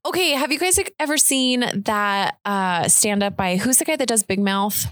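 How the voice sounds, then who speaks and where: A woman's voice: mid-range voice, expressive, moderate pace, a bit bright, no echo, clean studio sound. A woman co-hosting a casual podcast chat who giggles often and retells stories in a rush, full of fillers. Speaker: podcast co-host.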